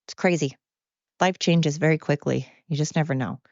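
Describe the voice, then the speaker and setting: A woman's voice: sits low, normal speed, a little mellow, no echo, highs cut off. A tired woman hosting her podcast at home, talking in a rambling, candid monologue. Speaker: podcast host. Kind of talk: casual personal monologue. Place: at home with pets.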